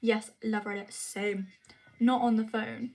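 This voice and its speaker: A woman's voice: a little high, level tone, a little slow, gravelly, darkish tone, soft background music. A teenage girl from England chatting casually on a livestream as she reads and answers comments, often restarting her sentences. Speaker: livestream host. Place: home room.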